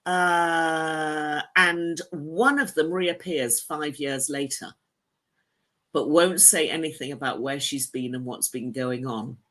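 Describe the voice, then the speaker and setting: A woman reviewing television shows in casual chat, lively and talkative, laughing easily. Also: deep voice, slow. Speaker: screen critic.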